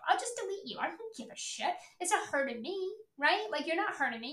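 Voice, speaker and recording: A woman's voice: high-pitched, sing-song, a little fast, few pauses, fairly bright tone, roomy sound. A middle-aged woman hosting a podcast, ranting bluntly and profanely about selling as a coach. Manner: profane, brash, emphatic. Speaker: podcast host, sales coach. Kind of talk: blunt motivational podcast rant.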